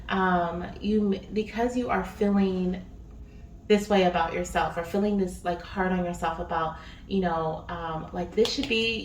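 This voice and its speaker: A woman giving a casual spiritual reading, chatty and rambling with many fillers. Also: medium pitch. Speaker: spiritual reader. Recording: echoey room, distant mic, faint noise.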